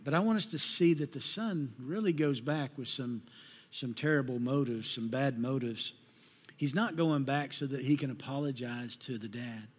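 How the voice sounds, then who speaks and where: Middle-aged pastor preaching in a hall. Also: male voice, medium pitch, moderate pace, husky. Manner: folksy storyteller acting out voices. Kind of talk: sermon with personal stories. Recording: long hall reverb.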